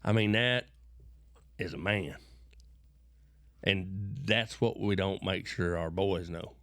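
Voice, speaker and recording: A middle-aged West Texas man with a matching accent speaks slowly in a deep, fairly bright voice, recorded in studio quality with no room sound. As an interview guest he tells rambling, folksy stories, often repeating and restarting his words and breaking into preachy bursts.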